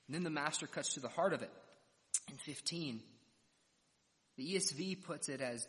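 A man's voice: on the high side, a little fast, fairly bright tone. Man preaching in a reverberant hall. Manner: dramatic storytelling, verse by verse. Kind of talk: expository sermon. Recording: long reverb of a large hall.

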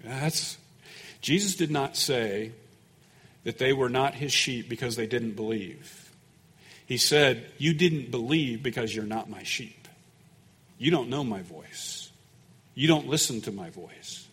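A man preaching a sermon as pastor, folksy and conversational, growing louder and more emphatic when he reads scripture. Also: medium pitch, takes it slowly, long pauses, breathy edge, big-room sound. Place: church sanctuary.

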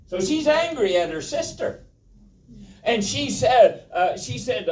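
High-voiced male preacher, folksy and unhurried. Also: very animated, a little mellow. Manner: folksy, joking, asks the congregation questions. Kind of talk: sermon, Bible teaching. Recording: roomy, from a distance.

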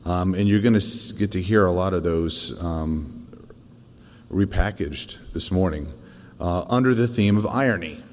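A man teaching a church Bible lesson in a thoughtful way, often pausing on fillers and restarting. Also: low voice, a little mellow, big-room sound. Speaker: Sunday school teacher.

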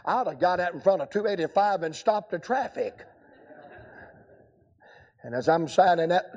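A man's voice: sits high, animated, moderate pace, long pauses, a little mellow. An older man preaching a revival sermon, telling folksy stories with humor. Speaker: evangelist preacher.

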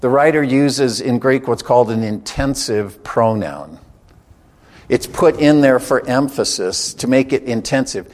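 A man preaching a sermon in a measured, emphatic way, slowing down to stress key phrases. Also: mid-range voice, expressive, a little mellow.

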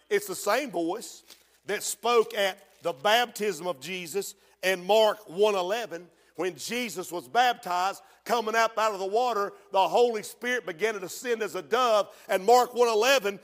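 Pastor, man, very high voice, fervent sermon with shouted peaks, reverberant hall. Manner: preaching with shouted peaks and drawn-out quotes.

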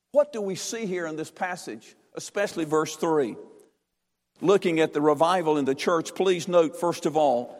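Fervently preaching in a high voice, this man from North Carolina, USA, hammers key phrases with emphatic repetition. The long reverb of a church sanctuary carries his words.

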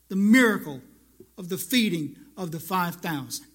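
A man's voice: high voice, animated, moderate pace. A male pastor delivering a conversational sermon that builds into emphatic, repeated lines. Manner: conversational preaching, rising to emphatic repetition.

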